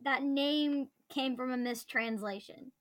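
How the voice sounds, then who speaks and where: A woman's voice: high voice, unhurried, no room sound. A woman co-hosting a casual podcast from her bed at home, reacting with laughter and disbelief. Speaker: podcast co-host.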